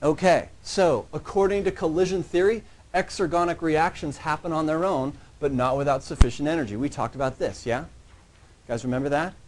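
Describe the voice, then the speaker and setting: A man with a somewhat high voice teaches a college science class. He talks casually and keeps checking in with his students. He sometimes drifts away from the microphone as he moves around the room. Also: normal speed, a little mellow, slight background noise. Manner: checks in constantly with "yeah?" and "right?"; conversational, joking with students. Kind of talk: classroom lecture.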